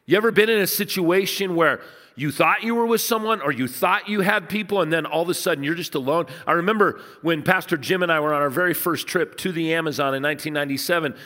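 A man preaching a sermon, telling stories in a conversational way and dropping low and soft to stress points. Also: quick pace, big-room sound. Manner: storytelling, conversational, dips low and soft for emphasis. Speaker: pastor.

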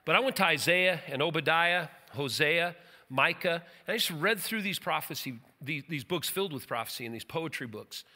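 A man's voice: fairly high pitch, moderate pace, bright, forceful tone, in a large hall. A middle-aged man preaching as pastor of his church, folksy and joking, with emphatic turns. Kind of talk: sermon. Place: church sanctuary.

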